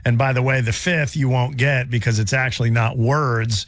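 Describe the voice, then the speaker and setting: A man's voice: medium pitch, fairly even intonation, normal speed, a bit bright, no echo. A man hosting a radio show, joking and wryly reading quotes aloud. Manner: wry, laughs often, mock-quotes lines. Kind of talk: joking morning radio banter. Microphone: studio microphone.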